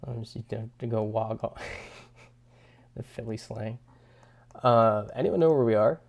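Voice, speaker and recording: A young man streams live and casually reads viewer comments, laid-back and often chuckling and restarting his sentences. His fairly low voice has vocal fry and moves at a measured pace.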